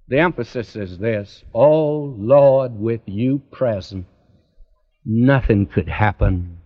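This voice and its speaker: A man preaching a sermon in a slow, emphatic cadence that rises and falls, directly addressing his listeners. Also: mid-range voice. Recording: dull lo-fi recording.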